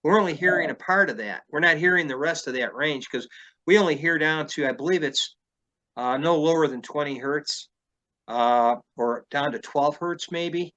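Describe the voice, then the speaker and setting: A man hosting an interview, with a fairly high, bright, forward voice. He explains things at length and works through his ideas aloud as he goes. He speaks in a relaxed, conversational way. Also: normal speed. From Illinois. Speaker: podcast host.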